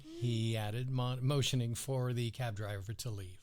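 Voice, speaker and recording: A man's voice: medium pitch, steady tone, a little mellow. Laid-back man, chuckling podcast co-host. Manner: laid-back, chuckles often, drawn-out storytelling. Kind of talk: casual chat, reading news stories aloud.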